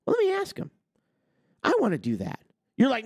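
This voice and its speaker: A man's voice: very high voice, huge pitch swings, normal speed, gravelly, a little mellow, slightly rough, no room sound. Guy ranting about stuff, super sarcastic, swears a lot, voice jumps all over, dry sound. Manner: heated, sarcastic, swears, mocks others in put-on quotes. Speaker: trucking channel host. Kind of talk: ranting opinion monologue.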